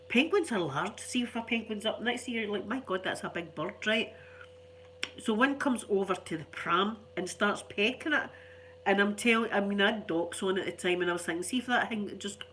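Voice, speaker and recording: A middle-aged Scottish woman, ill and congested, telling stories in an animated, chatty way. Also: medium pitch, a little hiss or hum. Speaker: vlogger. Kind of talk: casual storytelling chat.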